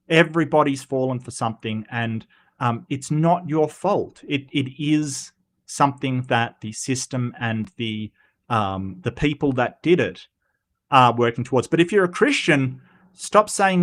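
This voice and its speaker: An Australian man hosting a live commentary stream, reading chat comments and answering them. He talks bluntly and wryly, often restarting his sentences. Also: medium pitch. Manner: halting, many restarts, blunt and wry.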